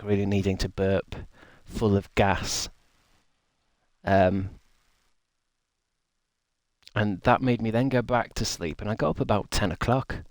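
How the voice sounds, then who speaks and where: A man's voice: on the low side, dry recording. A young man streaming live, rambling in casual chat and reading out his chat. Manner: rambling, chatty, reads and answers chat.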